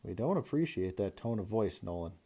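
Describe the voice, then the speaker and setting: Steady storybook dad, quietly firm, read by a man with a deep, dark voice. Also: brisk. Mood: disapproving. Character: calm middle-aged father, gently firm.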